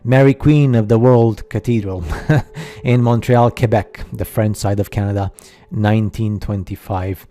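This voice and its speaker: Dark-voiced man, halting skeptical narration. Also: lowish voice, fairly even intonation. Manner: halting, many fillers and restarts, skeptical asides. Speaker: narrator of a slideshow video. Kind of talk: casual voice-over commentary.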